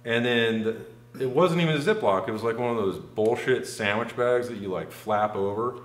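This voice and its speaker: A man's voice: mid-range voice, moderate pace. A man telling a long personal story in casual chat, rambling and full of fillers. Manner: rambling, filler-heavy, frequent "like". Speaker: podcast guest telling a story. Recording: echoey room.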